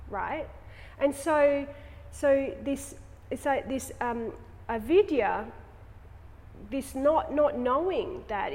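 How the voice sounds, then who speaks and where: Woman yoga teacher, higher voice, rambling tag questions, long studio reverb. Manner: rambling, conversational, asks the class many tag questions. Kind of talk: spoken yoga class talk and guided relaxation.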